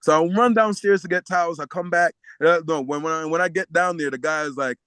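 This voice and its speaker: Male podcast guest with a slightly high voice, lively storyteller who acts out every character, dry close sound. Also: quick pace, smooth, no echo. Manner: laughs often while telling. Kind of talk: storytelling in a casual interview.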